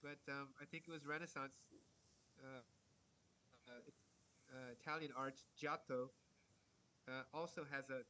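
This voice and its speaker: Halting man lecturing over a video call. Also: medium pitch, steady tone, pushed and bright, slight background noise, poor audio. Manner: halting, many fillers and restarts. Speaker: guest lecturer on African art.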